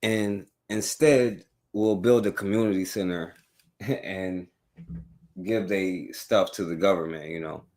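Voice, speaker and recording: A man's voice: low voice, takes it slowly, a little mellow. A man hosting a talk radio show, chatting loosely in slang with many fillers and restarts. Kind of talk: casual radio chat.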